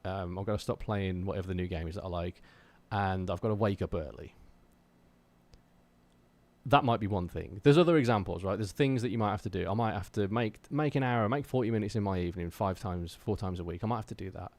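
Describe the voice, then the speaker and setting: An Englishman with a slightly low voice speaks briskly to his live-stream chat. It's a rambling delivery, thick with fillers and restarts, yet earnest and passionate as he tells listeners to keep working toward their creative goals.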